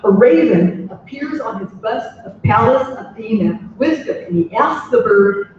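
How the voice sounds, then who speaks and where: High-voiced guy giving a talk in a huge echoey hall, kinda far off and muffled, reading poems all dramatic. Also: expressive, normal speed, a little hiss or hum. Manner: dramatic, reciting verse with rising emphasis. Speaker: conference speaker. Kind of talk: lecture with recited poetry. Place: large lecture hall. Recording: echoey hall, distant mic, dull sound.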